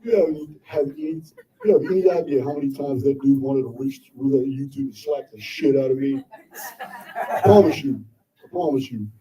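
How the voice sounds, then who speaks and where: A man's voice: mid-range voice, moderate pace, warm tone, far from the mic, poor audio. A man presenting live to an audience, talking bluntly and combatively with frequent swearing. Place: indoor meetup venue with audience.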